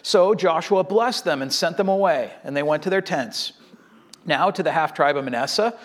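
A man preaching a sermon, reading scripture and acting out the speakers in a casual, animated way. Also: on the high side. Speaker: pastor.

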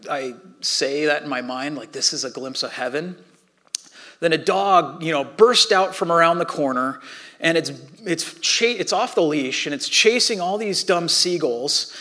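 Animated male pastor preaching. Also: a little high, a little slow. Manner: animated storytelling, dropping to soft near-whispers. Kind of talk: sermon.

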